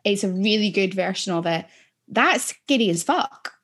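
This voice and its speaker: A woman's voice: medium pitch, lively intonation, moderate pace, fairly bright tone. A woman from Scotland co-hosting a podcast, blunt, opinionated and sweary in casual chat. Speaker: podcast co-host.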